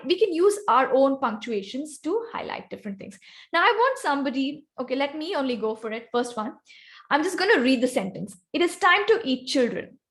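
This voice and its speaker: A woman giving an instructive presentation on voice technique over a video call, calling on members by name. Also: high voice. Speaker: guest speaker presenting on vocal variety. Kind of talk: online club meeting presentation.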